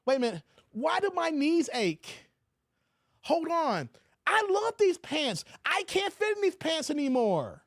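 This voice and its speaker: A man's voice: very high voice, sing-song, measured pace, dry recording, studio quality, voice pushed up, full character voice. A man mockingly voicing an overweight adult who whines, breathless and exasperated, about aching knees and tight pants. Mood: whiny. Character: whiny overweight adult discovering aches.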